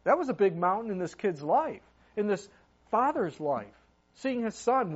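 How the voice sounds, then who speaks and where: A man's voice: fairly high pitch, slightly rough, muffled recording. A man preaching a sermon as pastor, talking in an earnest, conversational way with many fillers.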